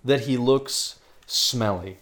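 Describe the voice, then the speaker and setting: A young man with an average-pitched voice spins crude anecdotes in a casual podcast chat. He swears freely and breaks into laughter as he talks. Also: slow, a bit bright. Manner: crude, profane storytelling with frequent laughs.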